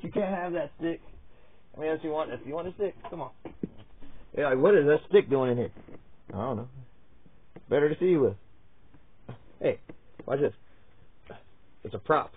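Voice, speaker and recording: A man's voice: medium pitch, lively intonation, normal speed, long pauses, husky. A man chatting playfully with his dogs at home while filming them, teasing them and swearing freely. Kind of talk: casual talk to pets while filming. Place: inside a home. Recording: tinny, phone-like sound.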